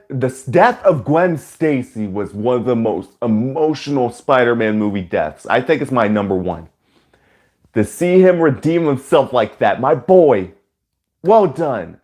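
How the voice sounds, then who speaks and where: A man giving a casual, rambling spoken movie review, full of "like" and "you know", who breaks into loud high-pitched cheers when excited. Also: a little slow.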